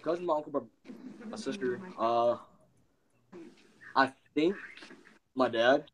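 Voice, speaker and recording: A man chatting on a live stream in an animated, excitable way, swearing a lot over online voice chat. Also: mid-range voice, takes it slowly, a little hiss or hum, rough recording. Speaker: guest on a stream.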